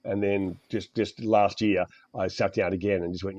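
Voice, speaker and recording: A middle-aged Australian man with a fairly low voice, rambling through a casual podcast chat. He stops and starts often and swears freely. The sound is dull and lo-fi, with no room echo. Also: little pitch movement, moderate pace, a little mellow. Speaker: guest author. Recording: dull, dry lo-fi audio.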